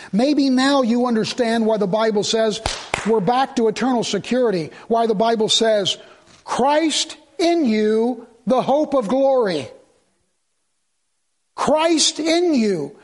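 A preacher with a strikingly high male voice delivers a sermon. He reads scripture in slow, measured phrases. Then he presses his points with rising, insistent emphasis.

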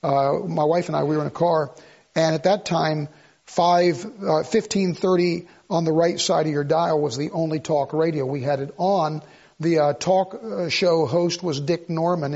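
An older man preaches with emphasis, repeating himself and pushing his voice up in bursts. His voice sits high for a man and carries a gravelly, husky edge. The recording sounds dull and lo-fi. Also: fairly even intonation, normal speed, a little mellow. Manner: emphatic, repetitive, conversational preaching with rising outbursts. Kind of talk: sermon.

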